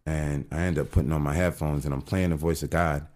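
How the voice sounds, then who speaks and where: Middle-aged man, very low voice, earnest restart-heavy faith storytelling on a casual talk show. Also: fairly even intonation, brisk, darkish tone. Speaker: guest telling his testimony.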